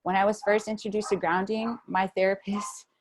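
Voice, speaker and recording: A young woman speaking casually to an online audience over a video call from a room at home, relaxed and chatty, with many fillers and restarts. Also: mid-range voice, fairly quick, a little hiss or hum. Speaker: guest speaker at a wellness webinar. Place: home room with a fan running.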